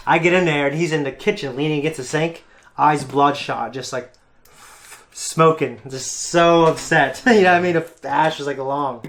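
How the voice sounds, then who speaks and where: A young man hosting a reaction show, telling a long story in a casual, animated way with frequent laughs. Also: on the high side, moderate pace. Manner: animated, laughs often, acts out other voices.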